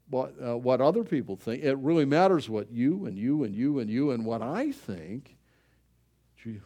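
Animated male preacher. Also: mid-range voice. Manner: animated preaching, rising for emphasis, many fillers. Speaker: pastor. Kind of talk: sermon.

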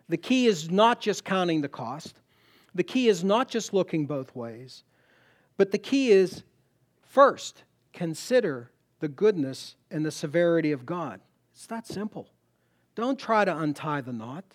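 A middle-aged man preaching a sermon in a church, emphatic, repeating words and rising to loud punchlines. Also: high-pitched, lively intonation, unhurried.

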